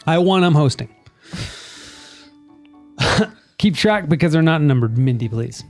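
A man's voice: fairly high pitch, animated, a little slow, faint music behind. A man co-hosting a casual podcast among friends, blunt and fond of swearing, reading out quiz questions. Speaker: podcast co-host and trivia host.

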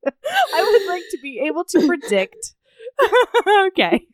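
A woman's voice: extremely high pitch, a little slow, no room sound, studio quality. A young woman co-hosting a casual chat, giggling and acting out dialogue while reading book passages aloud. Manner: giggly, animated, acts out dialogue. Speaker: podcast co-host.

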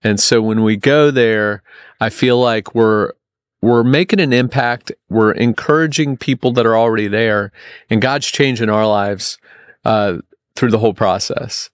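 Low-voiced man, rambling and halting. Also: clean tone, dry recording, clean studio sound. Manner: rambling, halting, many restarts and ums. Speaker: guest. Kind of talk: casual podcast storytelling.

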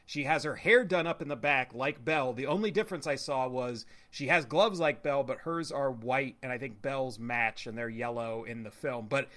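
A man's voice: mid-range voice, a bit bright. A man co-hosting a podcast, casually and carefully explaining small details he noticed in a film. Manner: measured, explanatory, detail-minded. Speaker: podcast co-host.

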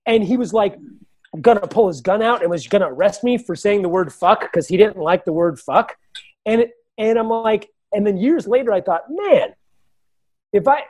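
A man's voice: high voice, darkish tone, no echo. A man who is a comedian, telling a story in casual talk, acting out both sides and swearing often. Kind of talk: casual podcast chat.

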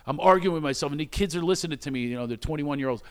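A middle-aged man telling a candid personal story about shame and recovery, acting out the quoted lines with sudden high exclamations. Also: very fast. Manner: self-reflective, speaks openly about recovery and shame.

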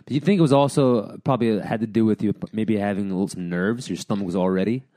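A man co-hosting a podcast, dropping quick joking remarks and puns into casual chat. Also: fairly low pitch, dark tone, no echo, studio quality. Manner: quick jokey interjections and puns. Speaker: podcast co-host.

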